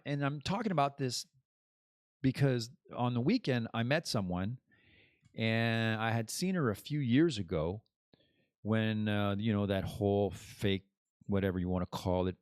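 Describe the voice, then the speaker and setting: A man's voice: lowish voice, unhurried, smooth, dry recording, studio quality. A man hosting his own podcast in a casual, rambling monologue that drifts between topics and laughs at his own jokes. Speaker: podcast host.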